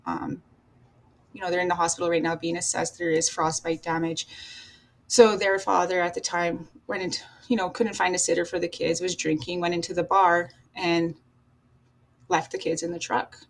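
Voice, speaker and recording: A woman's voice: on the low side, flat delivery, normal speed. Woman, podcast guest; candid, profane storyteller who acts out past dialogue and laughs at herself. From Canada. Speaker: podcast guest telling her life story.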